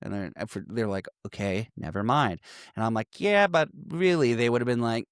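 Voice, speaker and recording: A man co-hosting a casual movie podcast, retelling scenes with lively acted-out lines, frequent laughter and swearing. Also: lowish voice, brisk, clear, resonant tone, no echo, studio quality. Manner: animated, acts out film lines, laughs often, swears. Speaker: podcast co-host. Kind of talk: casual movie recap chat.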